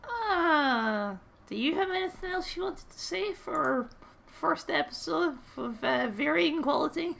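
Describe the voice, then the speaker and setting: A woman's voice: sits high, lively intonation, a little slow, creaky, fairly bright tone. A woman co-hosting a casual podcast, making dry, teasing asides. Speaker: podcast co-host. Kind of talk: casual chat.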